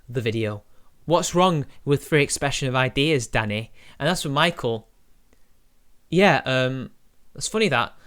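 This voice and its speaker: A man's voice: a little high, fairly bright tone, clean tone. A young man, chatting on a live stream in a mocking, crude, laughing way. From Britain. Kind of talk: casual live-stream commentary.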